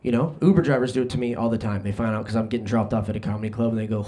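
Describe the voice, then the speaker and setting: A man's voice: on the low side, steady tone, mellow. Man, stand-up comedian, young adult, brash, self-deprecating, comedy club stage, handheld mic. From New Jersey. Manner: brash, self-deprecating, quick asides to the crowd. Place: comedy club stage before a live audience.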